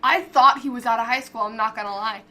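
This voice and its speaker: A woman playing a tabletop game, casual and excitable. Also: on the high side, quick pace. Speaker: player.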